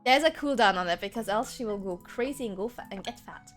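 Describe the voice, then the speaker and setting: A woman's voice: mid-range voice, lively intonation, fast talker. A young woman streaming a game, chatting casually and giggling, sometimes switching between English and German. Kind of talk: casual gaming stream chat. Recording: faint background game music.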